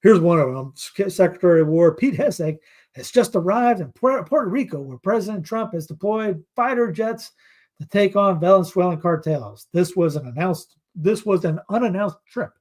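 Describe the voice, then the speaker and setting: This middle-aged man from North Carolina has a high-sitting, animated voice with a darkish tone, speaking at normal speed as he hosts a casual news commentary show. He is sarcastic, reading headlines aloud and mocking them, and he rambles while searching for clips.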